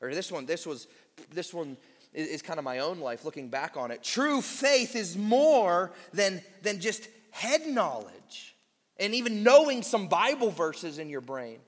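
A man preaching a sermon to his church, emphatic and deliberate, slowing on key words with quick asides. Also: sits high, lively intonation, a bit bright, long reverb tail. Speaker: pastor.

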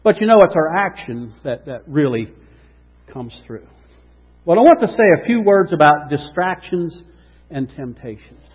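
A male pastor preaching a sermon in a church, animated, swinging from loud emphasis to hushed tones. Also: high-pitched, breathy edge. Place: church sanctuary. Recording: dull lo-fi recording with long hall reverb.

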